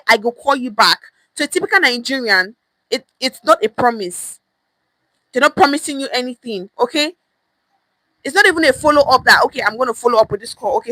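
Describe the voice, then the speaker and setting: A woman's voice: high-pitched, sharp tone, dry recording, rough recording. A woman teaching pidgin phrases on a live stream, emphatic and repetitive, often checking in with "okay?", at times out of breath. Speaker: pidgin language coach.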